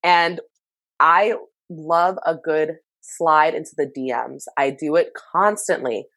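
A woman's voice: low voice, slow pace, fairly bright tone, dry recording. A woman co-hosting a casual chat, blunt, swearing a lot and laughing often.

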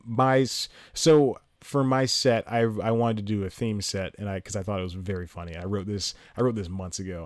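A man talks alone into his podcast mic at home, rambling loosely and poking fun at himself. His voice sits low, and the sound is close and dry, with almost no room around it. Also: no room sound. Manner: rambling, self-mocking, laughs at own jokes; jumps into high-pitched impressions mid-story. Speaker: podcast host. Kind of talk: solo casual podcast chat. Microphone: home podcast mic, solo at laptop.

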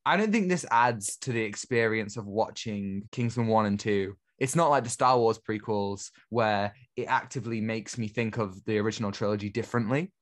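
A man co-hosting a film podcast, giving his opinions in relaxed, thoughtful chat. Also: fairly low pitch, moderate pace, hardly any pauses. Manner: opinionated, thoughtful, lots of "I feel like". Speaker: podcast co-host. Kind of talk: casual film review chat.

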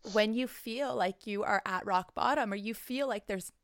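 A woman's voice: medium pitch, normal speed, no echo, clean studio sound. A woman hosting a casual conversation, responding with affirming remarks. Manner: warm, affirming listener.

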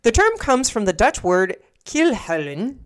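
A woman's voice: fairly high pitch, very animated, measured pace, clear, resonant tone. A woman co-hosting a casual podcast, reading grim lists aloud between laughs and swearing. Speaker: podcast co-host.

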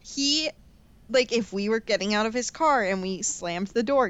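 A woman's voice: a little high, normal speed, smooth, no echo, highs cut off. Giggly young woman telling stories. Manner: chatty, giggly, playful storyteller. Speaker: podcast co-host. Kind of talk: casual chat.

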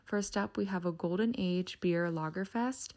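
A woman's voice: fairly low pitch, moderate pace, darkish tone. A woman presenting a peppy, scripted rundown of weekend events. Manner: peppy, promotional.

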